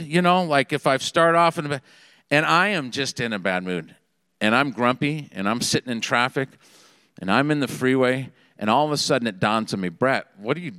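A middle-aged man preaching a sermon, telling a personal story in an animated, conversational way. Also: on the high side, normal speed, clean tone, dry recording, long reverb tail. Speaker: pastor. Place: Seattle area.

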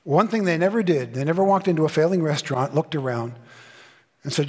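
Brisk and slightly rough, with a voice that sits a little high, this middle-aged Southern Californian pastor delivers a conference sermon. He throws in punchy, comic asides and imitates voices. The hall gives the audio a long reverb.

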